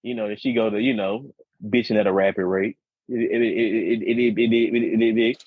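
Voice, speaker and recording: A husky-voiced man rambles through a profane, repetitive story on a casual podcast. His sound is dry and close, with dull, lo-fi podcast audio that lacks any sparkle. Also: lowish voice, steady tone, moderate pace, no echo. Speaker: podcast co-host.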